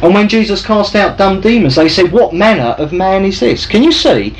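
Man, Bible teacher, animated rising and falling voice, slightly high, faint background hiss. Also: moderate pace, poor audio. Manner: lively, conversational, checks in with listeners. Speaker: preacher.

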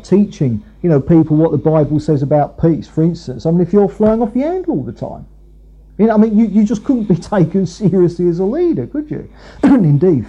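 Man preaching, husky and very dark-toned, slightly high voice, dull lo-fi recording, rambling. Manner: rambling, many fillers and restarts. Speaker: preacher, Bible teacher. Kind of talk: conversational sermon.

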